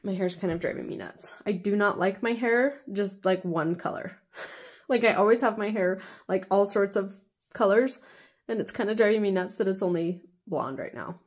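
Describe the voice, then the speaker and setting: A woman's voice: mid-range voice, normal speed. Chatty woman vlogging at home. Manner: chatty, rambling, lots of "like" and "anyways". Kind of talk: casual home vlog chat.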